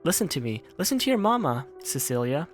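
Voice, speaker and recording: A frail mother near death speaks in a soft, slow, tender voice, pausing to cough, as a man puts her on. Her pitch moves a lot as she pleads. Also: very animated, faint music behind. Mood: tender, mournful. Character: dying gentle mother, weak and coughing.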